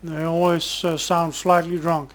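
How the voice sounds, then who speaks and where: A man commentating his own gameplay in a relaxed, casual way, bantering sarcastically with game characters and swearing when annoyed. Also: a little high, a little slow. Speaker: gamer streamer.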